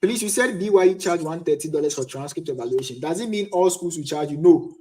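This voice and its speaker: A man's voice: on the high side, animated, quick pace, dark tone. A young Ghanaian man in his twenties hosting a casual livestream chat and answering viewers' questions. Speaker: livestream host. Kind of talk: casual live-stream chat.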